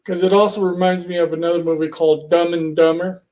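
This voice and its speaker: A man chatting casually with friends, asking quick questions and laughing easily. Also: sits high, little pitch movement, a little mellow, poor audio. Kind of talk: casual chat.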